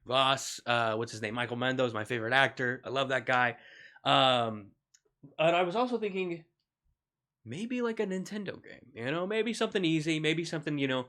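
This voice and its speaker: A man's voice: medium pitch, animated, moderate pace, bright, forceful tone. A man streaming a game, talking in a casual, rambling way full of jokes and tangents. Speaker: gaming streamer. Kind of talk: casual gaming stream commentary.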